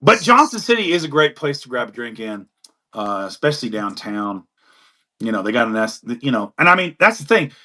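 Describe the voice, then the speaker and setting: A man's voice: medium pitch, sing-song, brisk, pushed and bright. A tired man with an East Tennessee twang, spinning rambling folksy stories in a casual panel chat. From East Tennessee, USA.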